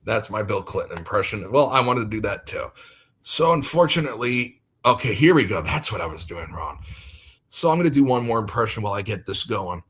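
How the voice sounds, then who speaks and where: A man's voice: lowish voice, lively intonation, fairly quick, fairly bright tone, slightly rough. A man hosting a casual livestream, chatty and self-deprecating as he sets things up. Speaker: livestream host.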